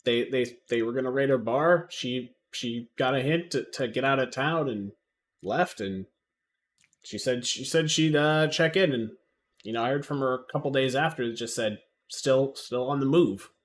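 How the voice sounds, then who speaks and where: A man voicing an irritable male alien drug dealer who talks loudly and rambles in exasperation. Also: mid-range voice, normal speed, close to an everyday voice. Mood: exasperated.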